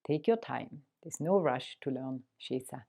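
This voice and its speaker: A woman teaching a language lesson in a gentle, patient, encouraging way. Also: very deep voice, measured pace, creaky.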